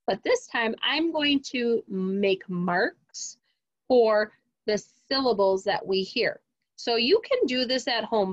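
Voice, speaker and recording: A woman teaching a remote phonics lesson to young children, speaking clearly and encouragingly. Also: medium pitch, no room sound, muffled recording. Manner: slow, clear, encouraging teacher talk to kids.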